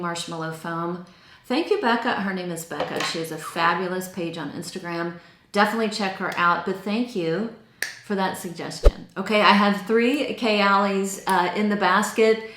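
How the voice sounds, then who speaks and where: A woman's voice: medium pitch, a bit bright, a little hiss or hum. Chatty woman reviewing perfumes, roomy echo. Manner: chatty, enthusiastic, describes scents in detail. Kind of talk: casual product review.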